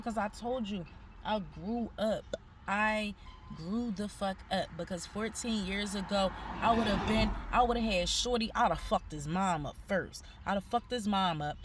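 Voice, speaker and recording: A woman's voice: mid-range voice, slight background noise. A woman tells a story in a casual, profane vlog. She talks animatedly and acts out the people she quotes. Faint outdoor ambience and passing cars sit behind her phone recording. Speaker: vlogger.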